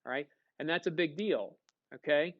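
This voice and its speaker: Male teacher, casual and animated lecturer, dull lo-fi sound. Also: on the high side, normal speed. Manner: casual, animated, asks the class questions. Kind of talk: classroom lecture.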